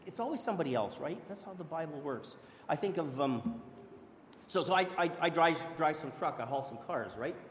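In a church hall, a pastor with a voice on the high side preaches an earnest, conversational sermon, often restarting his sentences. The hall is echoey with long reverb, and there's a little hiss or hum.

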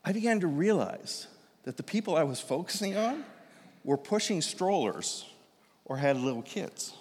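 Animated middle-aged pastor in a reverberant hall. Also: male voice, a little high, normal speed, husky. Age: 50s. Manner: animated, self-deprecating storyteller with many restarts. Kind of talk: sermon storytelling.

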